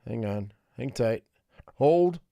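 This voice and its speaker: A man reacts live on stream, loud and unhurried, his pitch leaping around as he comments. The sound is close and dry with no room around it. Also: expressive, vocal fry, dry recording. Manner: loud, slow, talking back to the video. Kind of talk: casual live-stream chatter.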